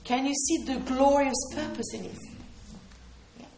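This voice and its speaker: Woman preacher, earnest, fairly high voice, roomy hall echo. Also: a little slow, crowd noise. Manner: earnest, emphatic, repeats key phrases. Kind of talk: sermon.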